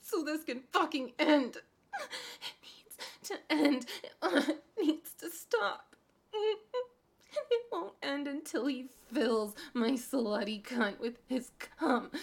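A woman acting in an erotic audio role-play as a desperate, pleading, domineering adult woman, breathy and alternating between whispers and sobs. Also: high voice, exaggerated voice.

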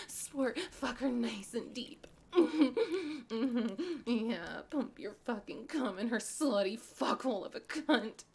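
Woman voicing a desperate domineering aunt, husky breathy tone, gravelly fry, high voice, slow drawn-out delivery, erotic audio role-play. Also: heavily acted. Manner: pleading and breathy, swinging between whispers and sobbing.

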